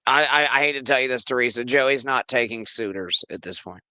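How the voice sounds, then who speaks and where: A man's voice: medium pitch, a little fast, sharp tone, clean tone, no echo. A man co-hosting a casual livestream chat, teasing and wisecracking at the other speakers.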